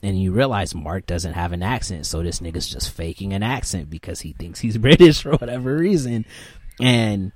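A laid-back young man co-hosting a podcast. His voice sits on the low side, and he talks in a relaxed, profane way. The sound is close and dry. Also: moderate pace, no echo. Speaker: podcast co-host. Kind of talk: casual chat.

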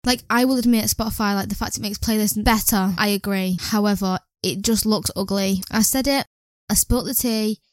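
A woman's voice: mid-range voice, fairly even intonation, normal speed, no room sound. A young British woman with an English accent hosting a solo podcast, rambling from topic to topic and swearing freely. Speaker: podcast host.

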